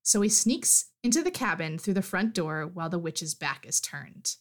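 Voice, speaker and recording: A woman's voice: on the low side, expressive, normal speed. A woman co-hosting a podcast, animatedly recapping a fantasy story in casual chat. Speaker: podcast co-host.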